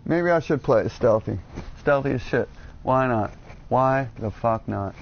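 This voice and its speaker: A man's voice: medium pitch, expressive, moderate pace, creaky, muffled recording, a little hiss or hum. A man giving jokey, rambling commentary while playing a video game, cursing often and drifting into absurd tangents. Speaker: let's play gamer.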